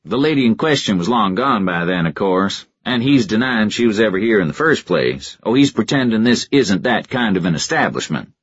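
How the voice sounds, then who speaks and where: A man voicing a middle-aged male police officer in an audiobook, dry and quietly amused. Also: fairly low pitch, sing-song, normal speed, hardly any pauses, husky, dry recording, dull audio, voice pushed up. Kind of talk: audiobook character voice.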